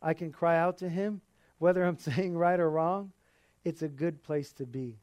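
A man preaching an earnest sermon in a conversational voice that sits a little high. He laughs now and then. The sound is dry and close, with no room echo. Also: fairly even intonation, moderate pace, a little mellow.

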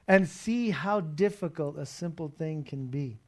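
Male preacher, conversational and animated delivery, fairly high pitch. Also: moderate pace. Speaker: pastor. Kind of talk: sermon.

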